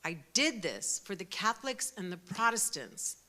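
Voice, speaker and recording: A woman in her sixties giving an impassioned speech at a pro-life event, fervent and emphatic, rising to loud peaks. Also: medium pitch, big pitch swings, moderate pace. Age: 60s.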